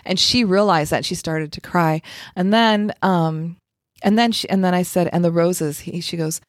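A woman's voice: lowish voice, normal speed, no room sound, studio quality. A middle-aged woman, a Reiki practitioner, telling a story in casual chat and acting out the voices of the people in it.

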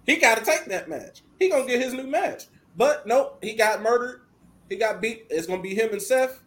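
High-voiced excitable man. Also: moderate pace. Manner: animated, acts out quotes, laughs often. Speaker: podcast co-host. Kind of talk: casual wrestling chat.

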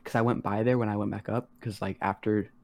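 This teen boy co-hosts a podcast, his lowish, dark voice level and edged with vocal fry. He meanders through a tale loaded with slang, swearing and "like," slipping into fast impressions of others in a rough, casual way.

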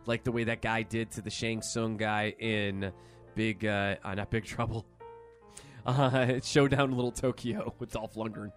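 A man's voice: on the low side, steady tone, unhurried. A man co-hosts a casual podcast and jokes at his own expense, laughing now and then. Faint piano music plays in the background. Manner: self-mocking, laughing. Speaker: podcast co-host. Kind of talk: casual banter.

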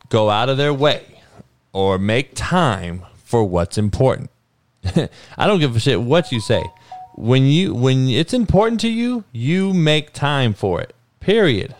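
A man's voice: lowish voice, dry recording. A man hosting his own podcast, ranting heatedly and profanely in a solo commentary. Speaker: podcast host.

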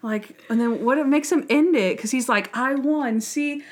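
A woman's voice: a little high, moderate pace. A woman co-hosting a casual show recap, acting out scenes with laughter. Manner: animated, acts out quotes with laughter. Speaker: podcast co-host. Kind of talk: casual chat.

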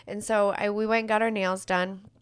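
A woman's voice: medium pitch, normal speed, smooth. A middle-aged woman co-hosting a podcast, chatting casually and telling stories with sarcastic humor and acted-out quotes. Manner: sarcastic, animated storytelling with quoted voices. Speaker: podcast co-host. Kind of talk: casual chat.

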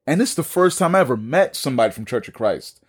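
Man, New York accent, lively pitch, casual storytelling, acts out voices, repeats words. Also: fast talker, slightly rough. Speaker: guest telling his story. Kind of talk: casual podcast conversation.

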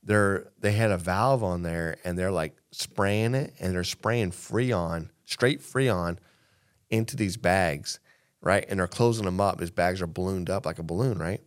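A man's voice: deep voice, a little slow. A man co-hosting a casual podcast, telling a story with profanity and acting out the people in it. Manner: animated storyteller, profane, acts out quotes. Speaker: podcast co-host.

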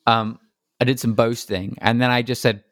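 A man rambles happily through a video game story in a relaxed chat. His voice sits at an ordinary middle pitch. The sound is dry and close, with no room in it. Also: moderate pace, dry recording. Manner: rambling storytelling with laughs and acted-out quotes. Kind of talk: casual podcast chat about a video game.

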